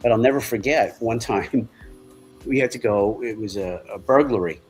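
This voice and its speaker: A man's voice: fairly low pitch, darkish tone, soft background music, rough recording. Rambling middle-aged man. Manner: rambling, halting storyteller with many restarts. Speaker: livestream co-host. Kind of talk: casual chat.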